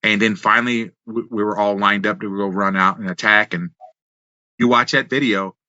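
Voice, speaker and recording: Bright-voiced man telling wrestling stories. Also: fairly low pitch, normal speed, dry recording, highs cut off. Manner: animated storyteller, many restarts and quoted dialogue. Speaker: guest, former wrestler. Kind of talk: casual storytelling in a podcast interview.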